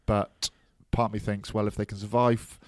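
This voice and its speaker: A man with a lowish voice co-hosts a rugby chat show, trading jokes and giving easygoing match analysis. The sound is dry and close, with no room around it. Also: flat delivery, moderate pace, a little mellow, no echo. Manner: jokey banter, chatty rugby analysis. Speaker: rugby podcast co-host. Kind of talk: casual chat.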